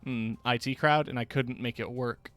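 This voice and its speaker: A man streaming a game, chatting casually in a relaxed, offhand, joking way into a close mic. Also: mid-range voice, moderate pace, clear, resonant tone, dry recording, faint music behind. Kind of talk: casual gameplay commentary.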